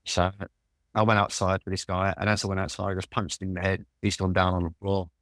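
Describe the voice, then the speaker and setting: A London man in his sixties telling lively stories as a guest in an interview, swearing freely. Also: sits low, quick pace, no room sound, clean studio sound. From Walthamstow, London.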